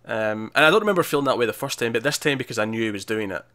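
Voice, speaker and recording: A man's voice: medium pitch, lively intonation, very fast, bright, forceful tone. A man co-hosting a casual film chat, with a mid-range voice. He talks in a loose, chatty way, laughing easily and restarting his sentences as he goes. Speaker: podcast co-host. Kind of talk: casual movie discussion.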